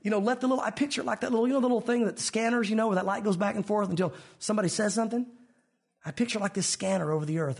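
A man's voice: sits high, fast talker, breathy edge. A male pastor preaching a sermon to his congregation, emphatic and acting out the voices he quotes.

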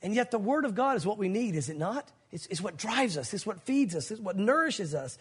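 A man's voice: sits high, very animated, brisk, slightly rough. A man preaching a sermon as pastor, speaking in an earnest, conversational way, full of asides to the congregation.

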